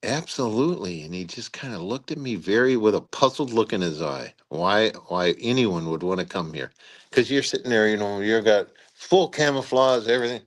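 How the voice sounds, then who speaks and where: An older retired army general telling stories in an interview, rambling with restarts and acting out quotes loudly. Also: male voice, on the low side, moderate pace. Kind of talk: storytelling interview.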